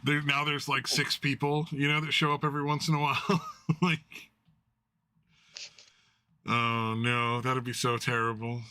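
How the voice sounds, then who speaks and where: A man's voice: medium pitch, little pitch movement, a little slow, pauses often, sharp tone, clear, resonant tone, no echo. A man hosting a casual stream chat, joking and laughing easily as he talks.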